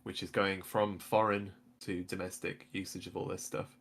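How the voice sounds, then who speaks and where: A man's voice: low voice, little pitch movement, normal speed, fairly bright tone, slight background noise. A man explaining his views in a casual podcast discussion, opinionated and peppered with "like". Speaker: podcast co-host.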